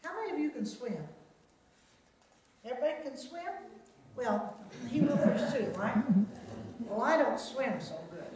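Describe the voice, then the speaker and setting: A woman leading a children's sermon, reading a Bible story and gently asking the children questions. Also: sits high, lively intonation, measured pace, pauses often, recorded from a distance, noisy background. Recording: very echoey room.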